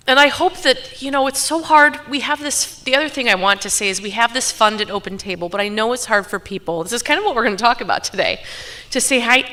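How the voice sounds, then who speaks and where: A woman's voice: medium pitch, pushed and bright. A woman pastor giving an informal, earnest sermon to her congregation, talking conversationally with frequent asides. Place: church sanctuary.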